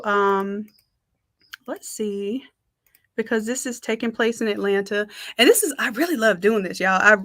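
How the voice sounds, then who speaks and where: A chatty woman walks viewers through a design tutorial on a live stream. Her voice sits fairly high and sounds close to the mic. The room around her is dry, with no echo. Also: a bit bright. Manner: chatty, talks to viewers as y'all. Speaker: design instructor.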